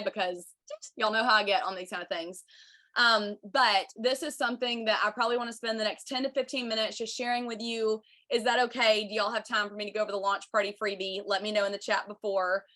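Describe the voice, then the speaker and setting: A woman's voice: medium pitch, fairly even intonation, fairly quick, sharp tone. A woman, hosting a chatty, bubbly livestream for her viewers. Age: 30s. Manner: bubbly, chatty, says y'all a lot. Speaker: podcast host.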